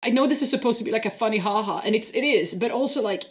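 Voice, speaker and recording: A woman co-hosting a podcast in casual chat, animated and swearing freely. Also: a little high, fast talker. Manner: animated, swearing, acts out quotes. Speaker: podcast co-host.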